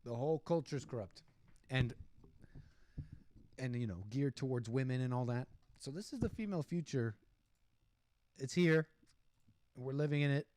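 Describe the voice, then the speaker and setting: A man's voice: medium pitch, normal speed, pauses often, a little mellow, no room sound. A man hosting a stream, ranting sarcastically and indignantly over a video clip and laughing at his own jokes. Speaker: streamer host.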